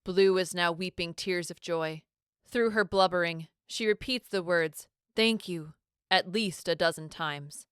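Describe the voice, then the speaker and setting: A woman reading a scripted audiobook chapter in a measured, dramatic storytelling manner on a close mic. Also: fairly low pitch, fairly bright tone, smooth, no room sound. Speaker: narrator.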